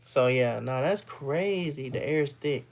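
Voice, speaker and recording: A man's voice: mid-range voice, expressive, measured pace. Rambling man chatting with viewers. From Texas, US. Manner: loose and rambling, repeats words, laughs often. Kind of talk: casual live-stream chat.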